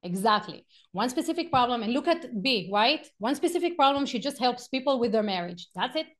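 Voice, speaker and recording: A middle-aged woman teaching a live workshop, animated, acting out quotes and stories and laughing often. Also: fairly high pitch, brisk. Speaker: workshop speaker.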